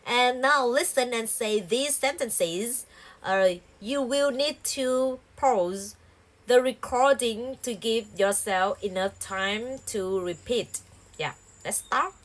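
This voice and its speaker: A woman teaching English pronunciation, saying each word slowly three times, with patient fillers and self-corrections. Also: fairly high pitch, a bit bright. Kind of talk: slow pronunciation drill, repeating each word.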